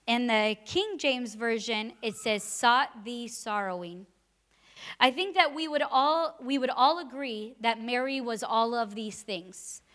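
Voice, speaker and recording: A woman's voice: a little high, a bit bright. A woman preaching a sermon in a conversational way, mixing scripture with personal stories and rhetorical questions.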